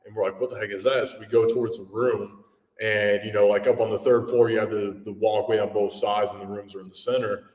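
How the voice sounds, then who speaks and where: A man's voice: on the low side, level tone, fairly quick, darkish tone. A man co-hosting a podcast tells a story in earnest, wide-eyed casual chat. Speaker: podcast co-host. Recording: echoey, distant room mic.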